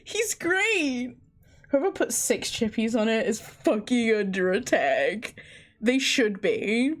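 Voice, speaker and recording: A woman's voice: on the high side, big pitch swings, takes it slowly, faint music behind. A woman livestreamer chatting casually, incredulous and chatty, swearing often. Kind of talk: casual stream chat.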